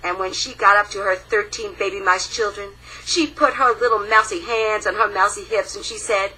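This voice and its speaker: Woman, young adult, storyteller, children's folktale, animated, dramatic pauses, very bright, breathy. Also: mid-range voice, rough recording.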